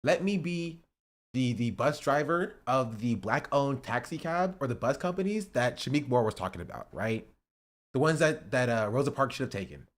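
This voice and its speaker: A man's voice: medium pitch, animated, moderate pace. A young man streaming live, chatting casually with his viewers, pleading and joking. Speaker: livestreamer.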